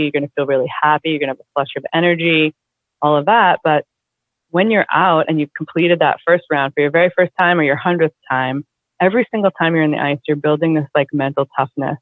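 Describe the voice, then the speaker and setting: A woman's voice: low voice, dry recording. Woman on a tinny phone-like line. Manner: animated, chatty, many fillers like "like". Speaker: guest. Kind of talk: casual conversation.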